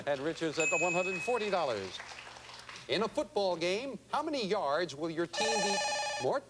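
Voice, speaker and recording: A man's voice: high voice, very animated, normal speed, very noisy. A man hosting a TV game show, chatting with contestants in upbeat studio banter. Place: TV studio with audience.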